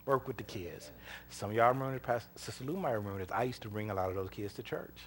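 A man's voice: on the low side, fast talker, slight background noise. A man preaching a sermon, telling personal stories in a folksy, conversational way, acting out the dialogue and laughing often. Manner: animated, acts out dialogue in his stories. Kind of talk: sermon with storytelling.

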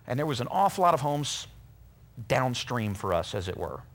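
Animated middle-aged man preaching. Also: mid-range voice, moderate pace. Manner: earnest, animated storyteller who acts out quotes. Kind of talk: sermon with personal storytelling.

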